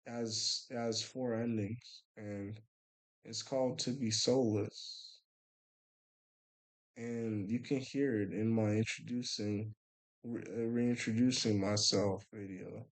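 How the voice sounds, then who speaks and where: A man's voice: fairly low pitch, steady tone, poor audio. Tired young man rambling through a story. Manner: rambling, halting, many restarts and fillers. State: tired late at night. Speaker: vlogger. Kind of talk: casual storytelling monologue.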